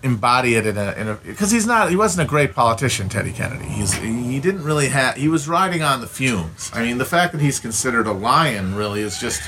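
A man's voice: medium pitch, very animated, fairly quick, few pauses, pushed and bright, slight background noise. Blunt, swearing Midwestern man ranting. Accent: Upper Midwestern American. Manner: profane, blunt and opinionated, with frequent restarts. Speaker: streamer. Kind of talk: casual ranting monologue.

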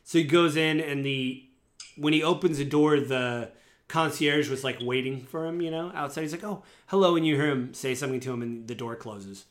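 A man's voice: mid-range voice, normal speed. A man narrating a tabletop game as game master, rambling with many fillers.

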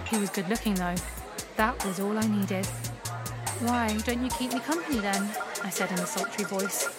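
Woman reading an erotic story, soft and slow, music playing clearly behind. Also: medium pitch. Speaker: narrator.

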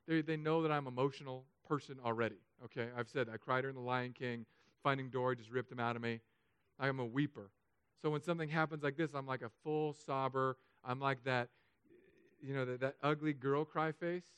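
A man's voice: medium pitch, steady tone, normal speed, clear, resonant tone, no echo. Emotional male pastor with a dry close sound. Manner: emotional, swings from loud urging to soft and hushed. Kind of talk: sermon.

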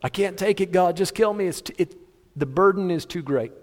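A man's voice: sits high, fairly quick, a little mellow, pitched above the performer's own voice, close to an everyday voice. A man doing a desperate, worn-out old leader. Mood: exasperated. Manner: desperate, pleading. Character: exasperated older male leader at wits' end. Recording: long hall reverb.

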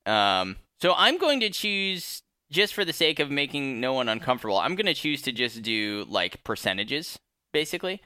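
A man's voice: mid-range voice, big pitch swings, normal speed, pushed and bright, clear, resonant tone, no echo, clean studio sound. A young man hosting a casual podcast chat, laid-back and rambling with fillers and laughs. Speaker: podcast host.

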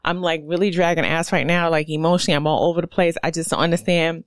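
Woman, solo podcast host, casual and profane, smooth clear voice, dry close sound. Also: lowish voice, fast, few pauses, dry recording. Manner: candid, profane, animated storytelling with many fillers.

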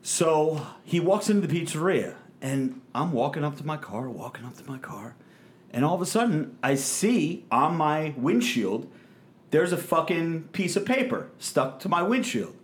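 A man's voice: a little high, normal speed. A young man telling a story on a podcast, swearing constantly and acting out what people said. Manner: profane, animated, acts out quotes. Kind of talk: casual storytelling.

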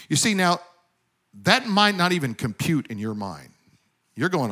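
A man's voice: on the high side, big pitch swings, measured pace, pauses often. Storytelling male preacher. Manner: storytelling with swings between loud emphasis and quiet asides. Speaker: pastor. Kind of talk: sermon.

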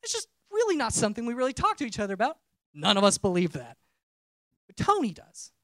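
Male preacher sharing a testimony, animated and chatty, dry close sound. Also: extremely high pitch, quick pace, dry recording. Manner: conversational storytelling, self-interrupting. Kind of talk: personal testimony sermon.

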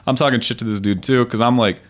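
A man's voice: mid-range voice, steady tone, quick pace. A man, a street poet guest on a podcast, telling stories in loose, profane, rambling casual chat.

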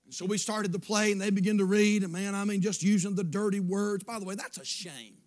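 A man in his fifties preaching a sermon, moving between shouted declarations and quiet, hushed storytelling. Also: high voice, fairly even intonation, fairly quick. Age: 50s.

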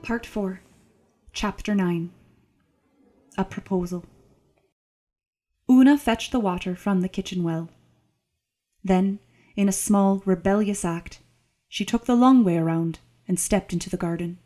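A woman narrating an audiobook in a steady, descriptive reading. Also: mid-range voice, measured pace, long pauses, soft background music. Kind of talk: scripted narration.

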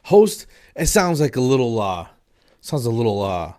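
A mid-range male voice with warm tone and big pitch swings, at a moderate pace, hosts his own podcast solo from a spare room downstairs. He rambles and jokes casually, using lots of fillers, sounding a bit nasal and stuffy from allergies.

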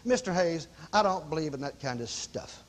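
A man's voice: on the high side, lively intonation, normal speed, slight background noise, pitched below the performer's own voice, natural voice. Man playing a weary, bitter businessman, grumbling in a voice far below his own.

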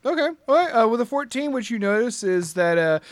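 A man runs a tabletop game as its game master, his voice high and smooth. He halts often, filling gaps with uhs and starting sentences over. The recording is dry and close. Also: big pitch swings, brisk, no echo. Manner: many filler sounds and restarts, laughs often.

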